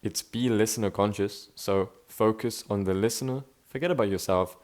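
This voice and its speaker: A man's voice: on the low side, normal speed, darkish tone. A young man talking casually and reflectively to camera in an unscripted vlog, loose and chatty with frequent restarts. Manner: laid-back, self-reflective, says bro and man a lot, frequent restarts. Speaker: vlogger.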